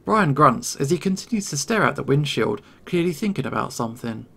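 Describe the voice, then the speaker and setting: A man narrating a first-person story in a tense, measured way. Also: fairly high pitch, expressive, creaky, a bit bright, slightly rough.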